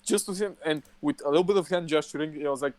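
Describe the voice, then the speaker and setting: A man's voice: a little high, fast, darkish tone. A young man co-hosting a podcast in casual chat, telling stories emphatically and swearing constantly. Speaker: podcast co-host.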